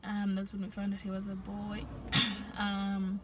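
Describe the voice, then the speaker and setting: A young woman vlogger telling a personal story to camera, soft-spoken and halting, with many restarts and sighs. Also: medium pitch, monotone, background noise.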